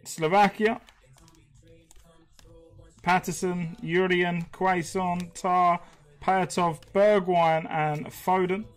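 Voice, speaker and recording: A man's voice: high voice, steady tone, very slow, long pauses, low-quality recording. A British man hosting a live stream, chatting casually, reading names aloud and chuckling often. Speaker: host.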